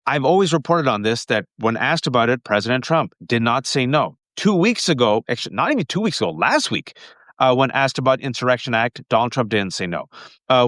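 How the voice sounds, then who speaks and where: A middle-aged man with a New York accent hosting a live political commentary stream, talking rapid-fire and emphatic, calling his viewers folks. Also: medium pitch, animated, a bit bright, no echo, clean studio sound. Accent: New Yorker. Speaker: political commentator and show host.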